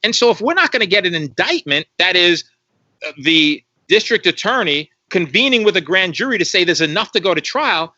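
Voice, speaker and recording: A man's voice: high-pitched, big pitch swings, fairly quick, pushed and bright, no echo, lo-fi sound. A man speaking as an interview guest on a live stream, emphatic and repetitive, asking rhetorical questions. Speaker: guest commentator on policing.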